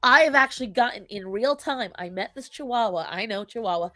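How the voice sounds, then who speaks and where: A woman's voice: fairly high pitch, lively intonation, fairly quick, pushed and bright, dry recording, soft background music. A woman co-hosting a casual talk show, speaking emphatically and acting out quotes as she makes her points. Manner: emphatic, opinionated, acts out quotes. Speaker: podcast co-host. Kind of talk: casual chat on pet behavior.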